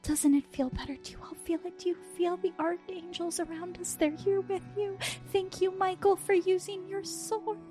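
A woman imitating a theatrical woman medium in a trance, speaking in a slow, drawn-out, mystical way. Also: extremely high pitch, level tone, mellow, faint music behind, voice pushed up. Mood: climactic.

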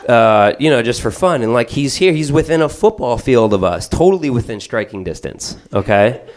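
A man telling a long story in stand-up style, profane, rambling and animated. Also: medium pitch, moderate pace.

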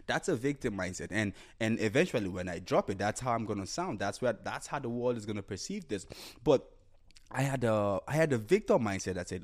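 A man's voice: medium pitch, animated, a little fast, a little mellow. A man hosting a solo podcast, talking casually about mindset and acting out imagined inner voices with repeated phrases. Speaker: podcast host.

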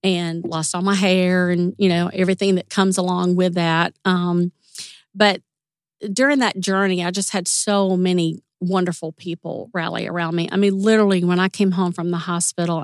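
Woman interview guest, warm chatty storyteller, lowish voice, dry close mic. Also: fairly quick, no echo. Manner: warm, chatty, animated when retelling.

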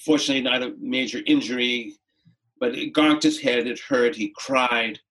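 A middle-aged man, a podcast guest, telling a personal story in a gentle, unhurried, reflective way with pauses and restarts. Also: medium pitch, fairly even intonation, low-quality recording.

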